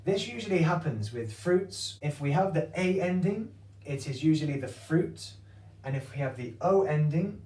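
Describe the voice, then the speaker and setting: A man's voice: fairly high pitch, darkish tone. A man teaching a language lesson, explaining patiently and checking in with frequent "okay?" questions. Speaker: Spanish teacher. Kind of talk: classroom-style language lesson. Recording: echoey room, distant mic.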